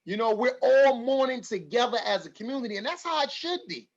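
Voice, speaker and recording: Emphatic high-voiced man hosting a livestream. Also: animated, a little fast, highs cut off. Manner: emphatic, repeats lines for stress, says "man" and "people". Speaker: host of an online community forum. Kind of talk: livestream community address.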